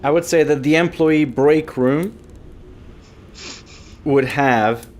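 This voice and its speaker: A man's voice: a little high, takes it slowly, a little mellow, slight background noise. A man narrating as game master, hesitant with many fillers.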